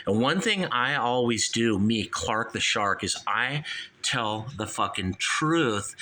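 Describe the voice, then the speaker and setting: Man, call-in show host, heated profane rant, lowish pitch, sharp forceful tone.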